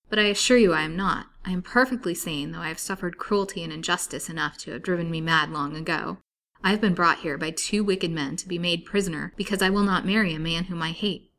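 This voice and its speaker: A woman's voice: lowish voice, a little fast, a bit bright, a little hiss or hum. This is an earnest, desperate young woman who pleads to be believed, as a woman reader acts her out. She talks in a storybook reading with a lifted, urgent voice. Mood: anguished. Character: frightened young woman prisoner, pleading and passionate.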